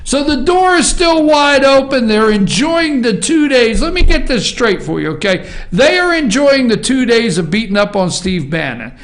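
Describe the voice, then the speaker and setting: A man hosting a political opinion show, ranting emphatically in an impassioned monologue with repeated refrains. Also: high-pitched. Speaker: talk show host.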